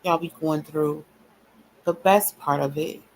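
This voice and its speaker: Blunt, gravelly-voiced woman ranting on stream. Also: deep voice, steady tone, a little slow, darkish tone, slight background noise, poor audio. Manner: blunt, profane, confrontational; repetitive, taunting cadence. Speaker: livestream host. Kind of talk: ranting livestream monologue.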